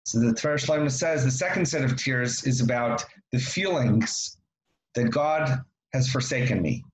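A man's voice: medium pitch, measured pace, roomy sound, low-quality recording. A man giving a Torah lesson, repeating key phrases and asking rhetorical questions. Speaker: Torah teacher.

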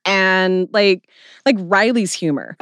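A woman's voice: mid-range voice, slow pace, a bit bright, dry recording. A woman podcast host in casual chat, talking bluntly and swearing freely.

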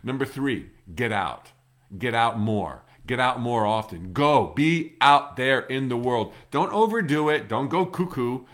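A man's voice: expressive, unhurried. Emphatic middle-aged man giving a pep talk. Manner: emphatic, swinging between loud bursts and hushed lows; earnest, reassuring, repeats key words. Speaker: motivational speaker. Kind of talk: motivational talk to the viewer.

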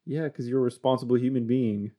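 A man's voice: mid-range voice, fast, mellow. A man in casual conversation, blunt and chatty, casually swearing and often restarting sentences. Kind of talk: casual chat.

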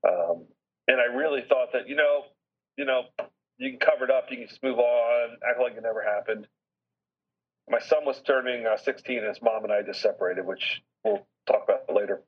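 A middle-aged man speaking as an interview guest, earnest and heartfelt, pausing to reflect as he tells a personal story. His voice is husky, and it comes through a slightly dull, lo-fi recording. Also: medium pitch. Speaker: business chairman as podcast guest.

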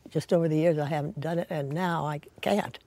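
A woman's voice: deep voice, fairly even intonation, fairly quick, dark tone. An older woman near ninety talking casually and wryly about cooking and her age. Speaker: interviewee. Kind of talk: casual conversation.

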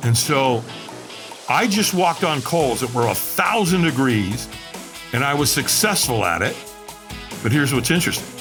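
A man's voice: mid-range voice, a little slow, music in the background. A male podcast guest telling a personal story vividly, acting out the lines of the people in it. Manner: vivid, animated storyteller who acts out what others said.

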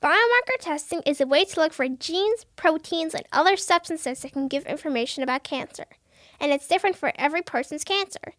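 A woman co-hosting a podcast, reading out a short plain definition in a clear, explanatory way. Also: high-pitched, animated, brisk, a bit bright, no room sound, studio quality. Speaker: co-host.

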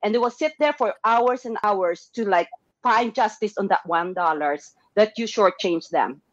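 Lively intonation and a medium pitch mark this talkative woman from the Philippines, who chats as a guest about her experiences at a moderate pace. When quoting others, she switches into different voices. There's no room sound, though the high frequencies are cut off.

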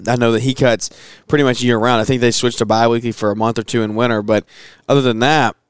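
Hoarse man hosting a podcast. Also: medium pitch, steady tone, fast talker, no echo, clean studio sound. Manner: chatty, rambling with fillers and restarts. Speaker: podcast host. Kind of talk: casual podcast monologue.

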